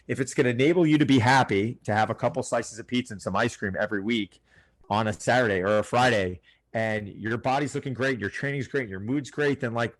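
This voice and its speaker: A middle-aged man, a personal trainer, talking in a casual podcast interview with an earnest, coaching manner, often acting out his clients' lines. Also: mid-range voice. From Long Island, New York.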